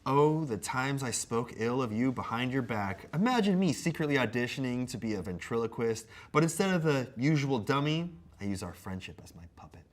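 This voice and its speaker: A man's voice: mid-range voice, expressive, brisk, few pauses. A man reading a silly letter aloud in a theatrical, comedic way, breaking into amused laughs. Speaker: co-host.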